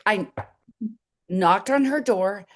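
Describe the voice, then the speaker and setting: An older woman as an interview guest, telling her story in an animated way and acting out the dialogue. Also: medium pitch, slow pace.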